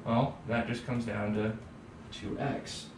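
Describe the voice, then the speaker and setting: A man teaching economics math in a casual, relaxed way, checking in with "right?" as he goes. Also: lowish voice, slow pace. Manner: relaxed, tags points with "right?". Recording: roomy, distant mic, faint background hum.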